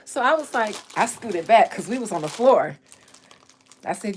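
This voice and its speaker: A woman hosting a casual livestream, telling stories in a candid, animated way with blunt language. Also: medium pitch, normal speed, husky. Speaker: real estate agent and livestream host.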